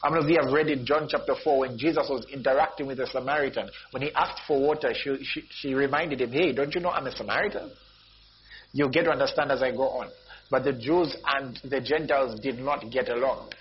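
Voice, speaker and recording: A pastor preaching a sermon, repeating phrases and jumping up in pitch and volume for emphasis. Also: male voice, steady tone, brisk. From Zambia. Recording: dull lo-fi recording with faint noise.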